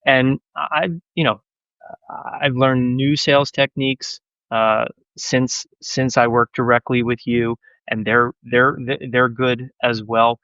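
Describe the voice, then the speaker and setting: Male sales exec guest, easygoing and animated, self-deprecating humor, dull lo-fi audio. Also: mid-range voice, slow pace, smooth, dry recording. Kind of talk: casual podcast conversation.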